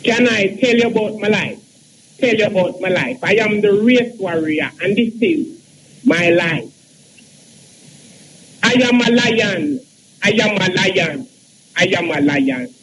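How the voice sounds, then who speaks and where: A man's voice: high voice, animated, a little slow, long pauses, fairly bright tone, a little hiss or hum, rough recording. A man in his thirties, a caller on a radio show, recites his poem in a chanting way with repeated refrains. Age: 30s.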